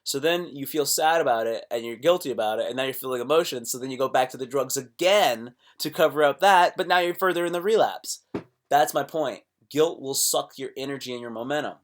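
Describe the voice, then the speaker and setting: A young man speaking casually to a live stream audience with a motivational message. He swings between low murmurs and loud exclamations, and he acts out the voices he quotes. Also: fairly quick.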